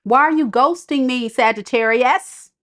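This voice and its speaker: A woman's voice: sits high, a little slow, a bit bright, pitched above the performer's own voice. A woman voicing a hurt ex-partner who keeps pleading to know why they are being ghosted. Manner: whiny, pleading, rising indignation.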